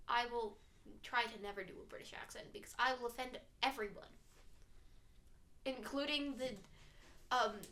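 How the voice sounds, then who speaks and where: A young adult woman co-hosts a podcast, chatting casually and teasing in a playful, joking manner. Her voice is fairly high, pushed, and bright.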